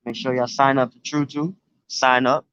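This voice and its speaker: A man's voice: medium pitch, little pitch movement, moderate pace, a bit bright, smooth, no room sound. A man with a New York accent talks loosely and profanely to his viewers on a casual live stream. He is recorded outdoors on a phone. The sound is dry and a bit dull. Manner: loose, profane street talk. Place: outdoors near the beach.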